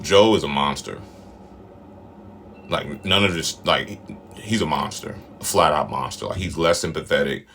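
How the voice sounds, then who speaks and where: A man's voice: very deep voice, a bit bright. A man giving casual opinion commentary on a show, blunt, emphatic and full of profanity.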